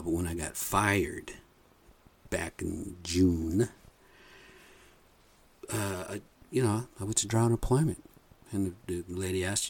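A man's voice: sits low, a little mellow. A man hosting a podcast, telling a rambling, profane story in a casual monologue with frequent chuckles. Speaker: podcast host.

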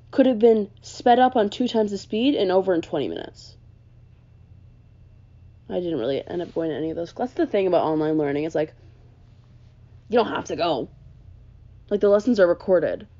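A woman's voice: fairly low pitch, dark tone, highs cut off. A young woman, a college student ranting sarcastically on her vlog, full of "like" and rising exasperation. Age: young adult.

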